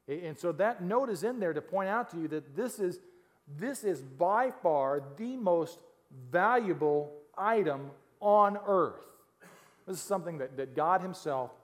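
A fairly high-voiced man preaching a sermon. He reads scripture and then breaks into lively, chuckling asides to his listeners. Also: measured pace. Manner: animated, jokey asides with laughs, reads scripture then explains. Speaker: pastor.

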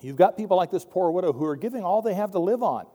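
A man's voice: high-pitched, lively intonation, fast talker, dark tone. A pastor gives a sermon in a conversational, wry way, often restarting his sentences. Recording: long hall reverb.

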